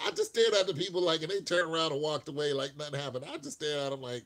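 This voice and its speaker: A man's voice: fairly high pitch, steady tone, fast talker, hardly any pauses, fairly bright tone. A man hosting a casual live-stream chat, telling rambling stories and laughing often.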